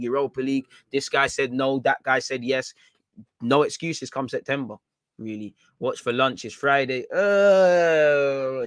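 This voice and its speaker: A man's voice: mid-range voice, a bit bright, no room sound. Casual man on a dry mic. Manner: casual, slangy, conversational. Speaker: fan channel host. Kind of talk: live-stream chat reading viewer comments.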